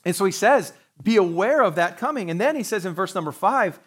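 A man's voice: high voice, lively intonation, a little fast, a bit bright, husky. A man preaching a sermon to his congregation as pastor, talking in a conversational way with joking asides. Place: church sanctuary, live-streamed service.

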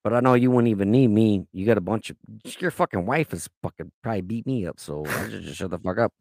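A man co-hosting a podcast in casual chat, crude and profane, deliberately provocative. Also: on the low side, creaky, a little mellow, no echo, clean studio sound. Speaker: podcast co-host.

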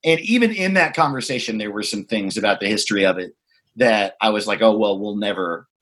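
A man telling a personal story in a frank, reflective way, swearing freely and pausing to find his words. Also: lowish voice, a bit bright. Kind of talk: candid conversational storytelling.

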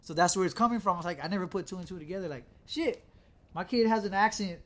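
A laid-back man hosts a loose podcast chat, talking in a fairly high voice. He rambles and swears freely, stringing thoughts together with "like.". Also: racing, fairly bright tone. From South Texas. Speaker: podcast host. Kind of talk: casual chat.

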